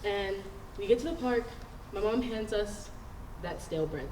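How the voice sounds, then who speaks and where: A woman's voice: mid-range voice, expressive, normal speed, a little mellow, a little hiss or hum. A woman telling an earnest, reflective personal story at a story slam. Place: stage in a large hall. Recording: echoey hall, picked up from a distance.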